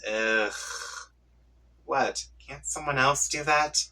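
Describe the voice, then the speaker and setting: A woman's voice: very deep voice, slow, bright, forceful tone, far from the mic, heavily acted. A man reading as a smug, taunting troll girl. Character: haughty scheming young female troll.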